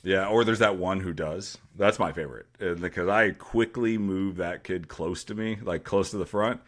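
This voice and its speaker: A man with a deep voice, a teacher co-hosting a casual podcast chat and telling stories with dry sarcasm. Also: normal speed, a bit bright. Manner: dry sarcastic humor, storytelling with acted quotes.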